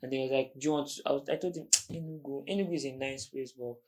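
A man, a guest telling his story in casual interview chat with quick asides. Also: mid-range voice, steady tone, a little mellow. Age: 20s.

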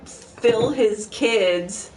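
A woman in casual chat, expressive and quick with her questions. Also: fairly high pitch, echoey room, far from the mic, a little hiss or hum.

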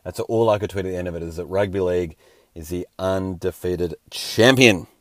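A man's voice: low-pitched, a little fast, no echo, studio quality. A man hosting a casual sports round-up, a little scratchy and hungover, with wry joking asides. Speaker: host.

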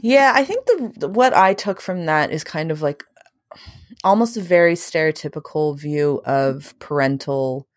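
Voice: medium pitch, a little slow, dry recording, clean studio sound. A person casually discussing a film, rambling with many fillers. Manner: rambling, filler-heavy, lively. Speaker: film reviewer. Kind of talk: casual film review chat.

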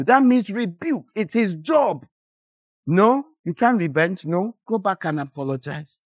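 A preacher delivers a sermon with passion and rebuke, and the voice swings widely up and down in pitch. The delivery scolds the listeners and breaks into sudden shouts. The sound is dry and close, with no room echo. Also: slightly rough.

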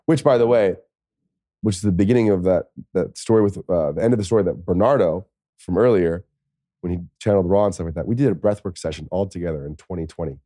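An American man in his thirties, a podcast guest, telling stories in a casual, lively way, swearing now and then. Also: low voice, fast, no room sound, studio quality. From United States. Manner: lively, swears, acts out quoted speech. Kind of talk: casual storytelling.

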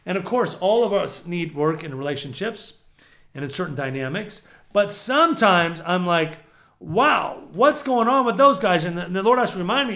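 A middle-aged man preaching a sermon, animated, swinging between shouts and low murmurs.

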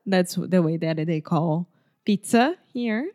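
A woman's voice: lowish voice, takes it slowly. A woman, co-hosting a podcast in casual chat and telling stories with lots of laughter. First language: Portuguese. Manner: giggly, animated storyteller. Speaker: podcast co-host.

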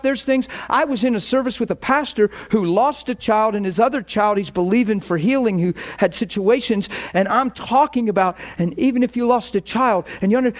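Male pastor, high-pitched, passionate sermon delivery, storytelling style.

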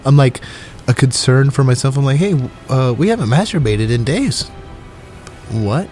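A man's voice: mid-range voice, dark tone. A young man, talking alone in a small home studio in a rambling, profane, self-mocking monologue that he keeps laughing at. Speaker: solo podcaster.

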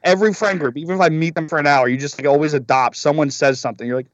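A young man co-hosts a podcast in an animated, swearing, casual way, acting out the quotes he tells. His slightly high voice sounds dry and dull, with no room around it. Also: racing, no echo.

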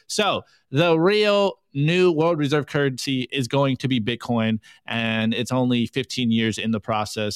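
A man hosting a casual livestream, reading memes aloud and tossing in quick asides. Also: on the high side, clean tone, no room sound. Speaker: show host.

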